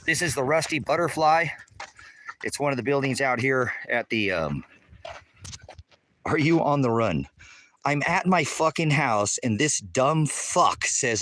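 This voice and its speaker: A man livestreams while walking his rural property with a handheld phone, giving viewers a tour and ranting at their comments, combative and swearing nonstop. His voice is a little high and very animated, delivered at a measured pace with a sharp tone. A faint hiss or hum sits under the recording.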